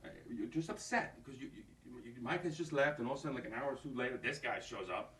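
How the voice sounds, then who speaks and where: The audition director's mid-range voice is fast and fairly bright, with lively intonation. Explaining the scene to an actress, he wanders, starts over again and again, and acts out the lines. The room is spacious and the mic sits far from him.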